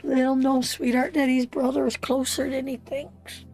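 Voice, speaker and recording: A woman's voice: high voice, little pitch movement, normal speed, gravelly, darkish tone, no echo, soft background music. A woman from Canada giving an emotional live tarot reading, talking straight to her viewers in a heartfelt way. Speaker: tarot reader hosting a live stream.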